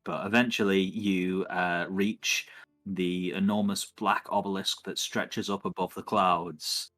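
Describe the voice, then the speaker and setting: A low-pitched man narrating a tabletop game as dungeon master. He talks loosely with many fillers and little chuckles. Soft music plays faintly underneath. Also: steady tone, slow pace, no echo.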